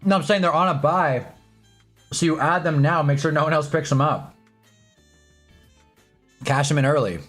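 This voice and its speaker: At his own desk mic, a man hosts a casual live sports stream, loose and chatty, occasionally swearing and talking to his chat. His voice is on the high side and a bit bright, at a moderate pace with long pauses, over soft background music.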